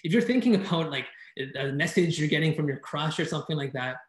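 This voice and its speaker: A man's voice: a little high, animated. Upbeat male presenter in an echoey room. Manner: enthusiastic, fast-talking, keeps asking "right?". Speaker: conference speaker teaching speed reading. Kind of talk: energetic online presentation. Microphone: video call.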